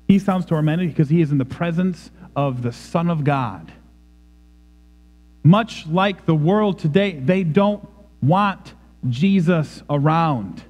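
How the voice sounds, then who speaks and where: A man's voice: on the high side, darkish tone, in a large hall. A man preaching a sermon in a church, emphatic and dramatic. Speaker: pastor. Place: church sanctuary.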